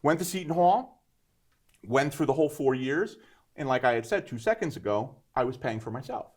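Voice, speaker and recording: A man in his fifties, a business owner telling his life story in an interview, animated and full of "right?" asides. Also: mid-range voice, brisk, husky. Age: 50s. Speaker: guest entrepreneur.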